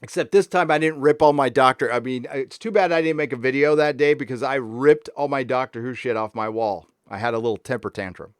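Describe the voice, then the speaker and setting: A man hosting a casual live stream, ranting with lots of swearing and reading out viewer messages in a warm room. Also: mid-range voice, fairly quick, hardly any pauses, smooth, no room sound, clean studio sound.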